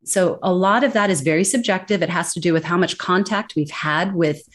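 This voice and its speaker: An American woman explaining workplace communication in an emphatic, animated interview style. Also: lowish voice, brisk. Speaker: accent and communication expert guest. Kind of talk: interview answers.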